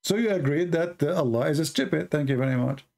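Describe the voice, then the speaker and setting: A man's voice: a little high, expressive, a little fast, vocal fry, darkish tone. A man hosting a confrontational debate in non-native English, pressing the same question over and over with sarcasm. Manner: pushy, sarcastic, repeats questions. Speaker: debate host.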